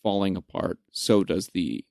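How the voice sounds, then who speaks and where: A man in casual conversation about a film, retelling scenes with animated energy and some swearing. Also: sits low, a little slow, vocal fry, no room sound, studio quality. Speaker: podcast co-host.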